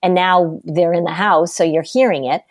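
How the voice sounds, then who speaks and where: Middle-aged woman, parenting expert, firm and emphatic, slightly low voice, dry close sound. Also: fairly even intonation, normal speed, dry recording. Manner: emphatic, firm, uses everyday examples. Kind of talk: casual conversational advice.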